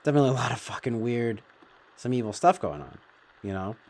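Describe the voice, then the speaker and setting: A man talks loosely and at length, circling back on himself with "you know" and "right?" and swearing freely. His voice sits at an ordinary middle pitch. He sounds like a streamer thinking out loud to his audience. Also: sing-song, fast. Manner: profane, meandering, filler-heavy. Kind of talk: casual rambling commentary.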